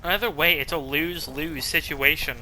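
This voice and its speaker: A man's voice: fairly high pitch, steady tone, normal speed, bright, forceful tone, a little hiss or hum. Exasperated, swearing game streamer man. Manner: profane, exasperated. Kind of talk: live game commentary.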